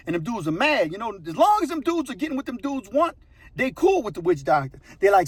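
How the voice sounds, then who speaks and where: A man, a channel host telling a story in a casual, animated, slangy way. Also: high-pitched, brisk, husky, dry recording. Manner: animated, slangy, repeats phrases for effect.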